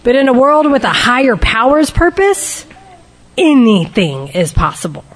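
A woman's voice: a little high, very animated, a little slow. A woman speaking candidly and emotionally to a recovery group, sharing her personal testimony and shifting her pace for emphasis.

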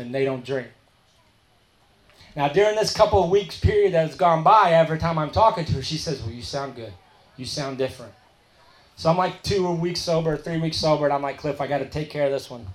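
Man telling his story in an echoey room. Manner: storytelling, quoting others in a softer, lower voice. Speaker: speaker sharing his recovery story. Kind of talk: recovery meeting talk.

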